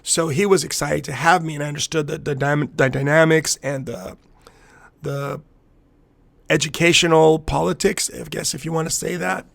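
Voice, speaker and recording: Gravelly man telling a personal story. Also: on the high side, steady tone, normal speed, a bit bright, dry recording. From US–Mexico border region. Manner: reflective, rambling, with frequent restarts. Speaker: podcast host and capoeira master.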